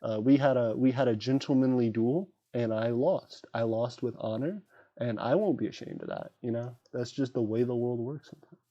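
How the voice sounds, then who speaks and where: Rambling, excitable man on a game stream. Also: mid-range voice, normal speed. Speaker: livestream host. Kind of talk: casual livestream chat while gaming. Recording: dull lo-fi sound with faint background beats.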